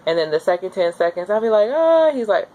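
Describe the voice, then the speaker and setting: A young woman casually telling her own story to the camera, chatty and candid, with lots of fillers and lively acted-out quotes. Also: quick pace, highs cut off. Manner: acts out quoted voices with high jumps. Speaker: new mother telling her birth story.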